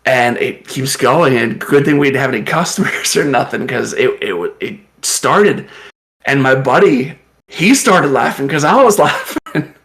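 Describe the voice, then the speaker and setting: A man's voice: mid-range voice, lively intonation, a little slow, a bit bright. A man co-hosting a podcast, telling rambling stories in casual chat and laughing often as he talks. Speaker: podcast co-host.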